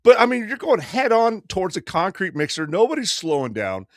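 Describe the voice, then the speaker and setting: Animated fifty-something man telling stories. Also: high-pitched, fairly quick, no echo, clean studio sound. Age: 50s. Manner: profane, animated storyteller who acts out quoted voices. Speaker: podcast host. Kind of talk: casual storytelling chat.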